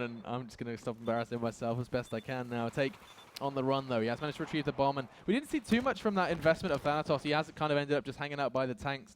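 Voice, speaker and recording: A man casting a competitive video game match, calling the action with quick excitable commentary and self-deprecating jokes. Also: mid-range voice, background noise. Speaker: esports caster. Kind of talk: esports play-by-play commentary.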